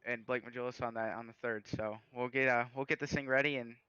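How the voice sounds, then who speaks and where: A man with a bright, smooth voice talks about finishing second in a race. He speaks in a flat tone, hesitant and modest, over a dull, dry line. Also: medium pitch, quick pace, no room sound. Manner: hesitant, lots of fillers, modest. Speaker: sim racing driver, second place. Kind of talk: post-race interview.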